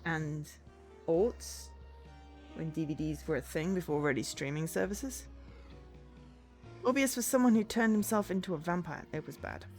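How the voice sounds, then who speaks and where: A woman streams from home, talking in a loose, rambling, self-deprecating way as she wanders from topic to topic. Her voice sits a little low for a woman. Faint music plays under her talk. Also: normal speed, pauses often, a little mellow. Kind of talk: casual chat while livestreaming a game.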